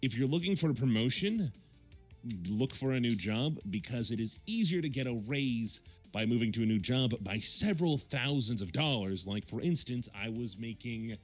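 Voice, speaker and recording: A man's voice: medium pitch, expressive, moderate pace, faint music behind. A man with a Midwestern American accent, hosting a casual chat stream and rambling with lots of fillers and self-corrections.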